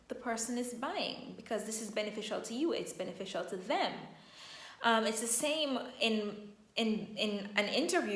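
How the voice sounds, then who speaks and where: A woman's voice: medium pitch, reverberant. A woman talking in a motivational vlog as a self-empowerment coach, stretching out her affirmations with emphasis.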